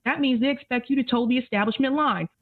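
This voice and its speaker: A woman comments on politics with scorn and indignation, her voice a little high. The audio is thin and tinny, and it sounds dry. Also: fast talker, no room sound. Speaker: political commentator in a played clip. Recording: tinny phone-like clip audio.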